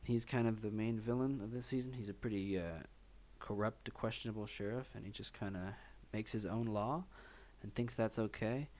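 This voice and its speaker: A man's voice: fairly low pitch, fairly even intonation, normal speed, few pauses, a little mellow. A man co-hosting a film podcast, talking in a loose, rambling way with many fillers. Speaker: podcast co-host. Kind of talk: casual chat.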